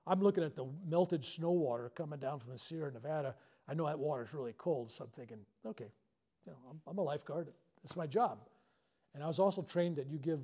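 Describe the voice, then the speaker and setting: An older man, a reverend leading a healing workshop, telling stories to a live audience and acting out the voices in them. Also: a little high. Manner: animated storyteller acting out quoted voices. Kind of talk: storytelling talk to a live audience. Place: workshop hall.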